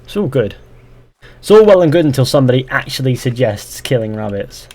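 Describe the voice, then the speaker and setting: This young man streams a game live and talks casually, reading chat messages out loud and firing back dryly sarcastic replies. He speaks a bit fast in a mid-range, sing-song voice with a slightly mellow quality.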